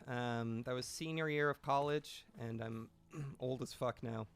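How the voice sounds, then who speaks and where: A man's voice: medium pitch, unhurried, smooth. Rambling, foul-mouthed young man streaming. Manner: rambling, self-deprecating, swears freely, reads chat aloud. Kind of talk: casual gaming stream chat.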